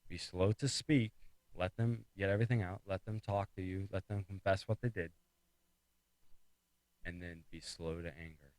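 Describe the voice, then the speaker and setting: A man's voice: low-pitched, fairly even intonation, normal speed, long pauses, darkish tone, dry recording, poor audio. A man giving a casual devotional talk, retelling a story with restarts and repeated phrases for emphasis. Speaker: speaker of a faith talk series.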